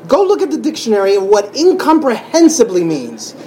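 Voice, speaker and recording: A man sharing a personal faith testimony in an emotional, halting way, often restarting his sentences and sighing. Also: extremely high pitch, huge pitch swings, mellow, a little hiss or hum, poor audio. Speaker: church member sharing testimony.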